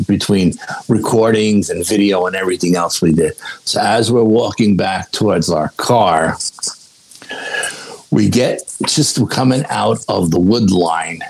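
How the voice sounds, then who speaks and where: A man telling a story in casual talk, animated and swearing freely, acting out the dialogue. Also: deep voice, husky, rough recording. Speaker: guest, paranormal investigator.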